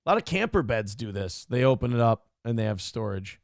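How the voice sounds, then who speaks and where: Profane, animated man with a gravelly voice. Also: mid-range voice, fairly quick, no echo, clean studio sound. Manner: profane, joking, animated riffing. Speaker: morning show co-host. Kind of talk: casual comedic banter.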